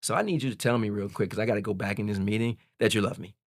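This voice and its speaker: Man in his forties, lowish candid storyteller. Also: very fast, no room sound, clean studio sound. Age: 40s. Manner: candid, animated retelling, peppered with "man". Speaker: podcast guest. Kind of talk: casual storytelling.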